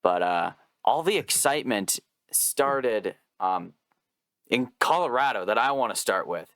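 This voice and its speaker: A young man hosting a podcast in casual chat, telling stories in an animated, profane way and laughing often. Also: lowish voice, unhurried, no echo, studio quality. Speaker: podcast host.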